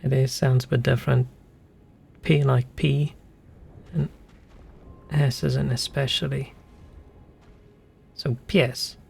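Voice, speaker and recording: Gravelly man streaming games. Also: medium pitch, level tone, a little slow, pauses often, a little mellow. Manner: musing, chatty, wanders off on tangents. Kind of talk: casual gameplay commentary.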